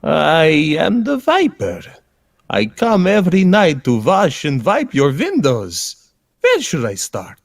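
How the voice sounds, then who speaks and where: A man's voice: wildly swooping pitch, takes it slowly, gravelly, dry recording, clean studio sound, heavily acted. A man putting on a goofy prank caller with a silly accent. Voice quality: high, mock-foreign accent. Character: comic male prank caller with a put-on accent.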